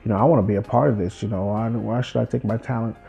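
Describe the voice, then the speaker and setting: The audio is poor, with faint music behind a fast-talking ex-college footballer in his twenties from New Jersey. His voice is lowish, creaky and slightly rough as he reflects on his life and gives lively voices to the people who spoke to him.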